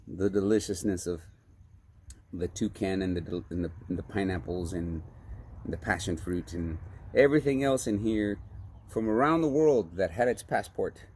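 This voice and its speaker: A man with a fairly low voice talks casually through a cider tasting, playful and joking as he reads the label. Faint background noise sits under his voice. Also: darkish tone. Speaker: beer review vlogger.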